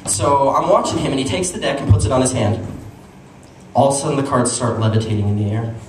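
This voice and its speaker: A man's voice: mid-range voice, quick pace. Young man doing stand-up in an echoey club. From Utah. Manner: animated storytelling with audience asides. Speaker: stand-up comedian. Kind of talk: stand-up comedy set. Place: comedy club stage. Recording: echoey live room, mic at a distance, noisy. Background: audience laughter and room noise.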